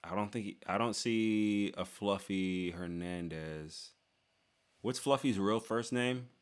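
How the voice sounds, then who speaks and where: A young man with a slightly low voice chats loosely while reading out and answering viewer questions. He jokes a lot, leans on "dude" and "like", and often restarts his sentences mid-thought. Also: slow, clear, resonant tone. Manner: loose and joking, lots of "dude" and "like", trails off and restarts. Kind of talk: casual Q&A chat.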